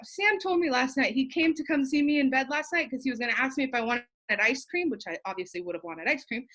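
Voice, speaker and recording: In a high-pitched, bright, forceful voice, a young woman delivers a motivational live video talk to her sales team despite being sweaty and feverish. She's fired up and rambling, tossing in jokes, casual swearing, asides, and laughter.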